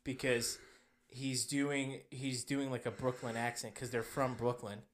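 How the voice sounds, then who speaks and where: A man's voice: mid-range voice, level tone, a little slow, slight background noise. A man co-hosting a podcast, chatting casually and animatedly, slipping into silly voices. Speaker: podcast co-host. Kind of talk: casual chat.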